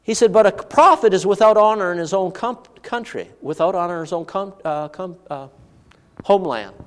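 Animated high-pitched male preacher in a hall. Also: a little fast. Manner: animated, asks the congregation rhetorical questions. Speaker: pastor. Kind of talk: sermon.

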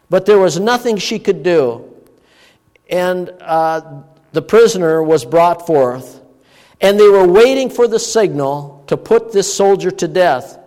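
A man with a high voice delivers a sermon, telling a story and reciting poetry and scripture. He slows down to stress key words. His voice rings with a long reverb, as in a church sanctuary. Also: darkish tone. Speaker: pastor.

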